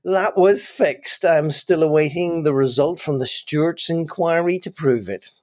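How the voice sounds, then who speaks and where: A man's voice: on the high side, unhurried, darkish tone. A man co-hosting a film podcast with teasing, playful banter. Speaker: podcast co-host. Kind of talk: comic banter.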